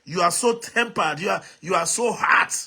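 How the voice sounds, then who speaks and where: A man's voice: sits high, normal speed, creaky, pushed and bright, husky. A Nigerian man hosting a live stream, reading out viewer comments and urging the audience to write in, switching between English, Pidgin and Yoruba.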